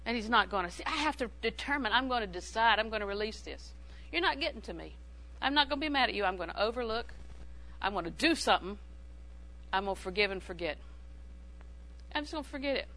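Woman preaching, kinda high bright voice, chatty and funny, repeats stuff for emphasis. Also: animated, quick pace, poor audio. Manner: humorous, conversational preaching with frequent laughs. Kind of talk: sermon.

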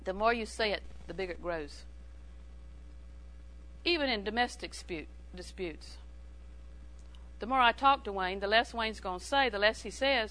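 A woman's voice: fairly high pitch, expressive, moderate pace, long pauses, pushed and bright, rough recording. A woman preaching a sermon in a humorous, conversational way, repeating phrases for emphasis.

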